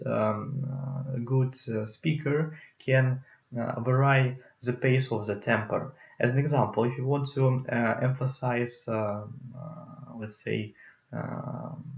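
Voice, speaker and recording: Slow, hesitant man with a gravelly voice. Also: mid-range voice. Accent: Russian. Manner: hesitant, many fillers. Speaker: student presenter. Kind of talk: conference talk on public speaking. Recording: roomy, muffled lo-fi sound.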